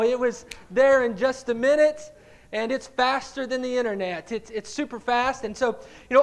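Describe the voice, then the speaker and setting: A man preaching a sermon, telling stories in an animated way, dropping to quiet asides and rising to loud dramatic cries, often repeating words as he builds. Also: very high voice.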